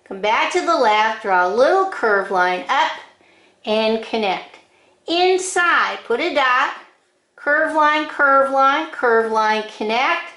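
A woman giving a drawing lesson, calling out short steps one at a time in a slow, patient way. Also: high-pitched, lively intonation, sharp tone, reverberant. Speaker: drawing teacher. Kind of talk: step-by-step drawing instruction.

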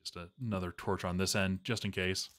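Guy with a bright, kinda low voice rambling playfully through his game stream. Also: level tone, fairly quick. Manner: rambling and playful, chatting to viewers. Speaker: game commentator. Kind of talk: casual gameplay commentary.

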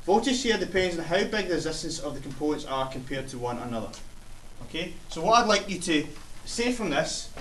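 A man's voice: on the high side, lively intonation, brisk, fairly bright tone. A male science teacher giving a classroom lesson, explaining step by step and checking in with the class. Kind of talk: classroom instruction. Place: school classroom. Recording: echoey classroom, mic far off, faint hiss.

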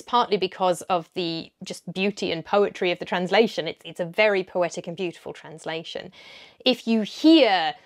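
Woman, history host, chatty commentary, casual ums, mid-pitched voice. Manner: chatty, frequent ums, occasional laughs. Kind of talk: educational commentary.

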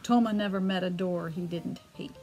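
A woman's voice: on the low side, steady tone, moderate pace, a little mellow. Woman, casual co-host, giggly, reads card text aloud, faint music under. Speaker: co-host opening card packs. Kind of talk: casual chat.

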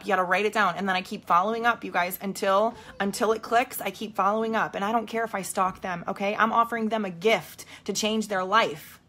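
A woman's voice: a little high, bright, forceful tone. A woman coaching casually to camera from home, bubbly and chatty, checking in with "okay?" all the time. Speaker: network marketing coach. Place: at home with children nearby.

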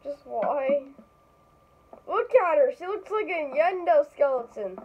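A woman chatting excitedly during a casual game role-play, with frequent exclamations, on a dull lo-fi recording. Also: high voice, slow pace.

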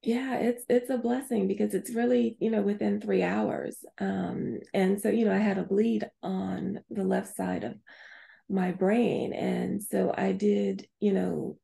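A middle-aged woman speaking as a podcast guest, slow and halting, with frequent restarts and fillers as she recovers her speech after a stroke. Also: mid-range voice, fairly even intonation, vocal fry, warm tone, slight background noise. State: speech affected by a past stroke. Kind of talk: casual interview chat.

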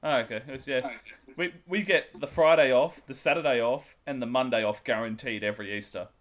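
A man's voice: medium pitch, brisk, a bit bright. A man from Australia hosting a podcast, chatting casually, teasing his co-hosts and laughing often. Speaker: podcast host.

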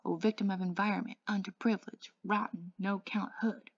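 A woman's voice: mid-range voice, steady tone, a little fast, slightly rough, lo-fi sound. A woman reading the part of a tough teenage greaser, grim and taunting. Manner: grim, sing-song taunting.

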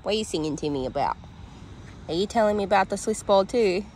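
A woman's voice: medium pitch, animated, fast talker, a little mellow, a little hiss or hum. A woman who works at a dog daycare, filming outdoors on her phone and cooing praise at the dogs in a sing-song voice. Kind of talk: casual vlog narration, talking to dogs. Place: outdoor dog play yard. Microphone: handheld phone camera.

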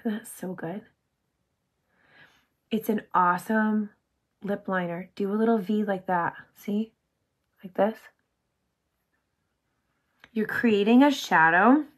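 A woman hosting a casual makeup tutorial, bubbly and chatty, full of "like", often dropping to a soft whisper. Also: mid-range voice, fairly even intonation, takes it slowly, pauses often, slightly rough. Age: adult with sons. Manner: bubbly, chatty, heavy use of "like".

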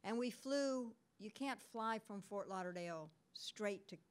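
A woman's voice: medium pitch, measured pace. Woman lawyer telling a story on a panel. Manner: conversational storytelling with restarts. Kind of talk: panel conversation.

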